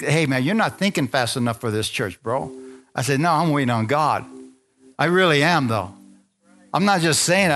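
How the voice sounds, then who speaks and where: A man preaching as pastor, reading scripture and telling his own testimony, asking the congregation for amens and rising into excited high peaks. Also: slight background noise. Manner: animated preaching, calls for amen, rises to high excited peaks. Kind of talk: sermon.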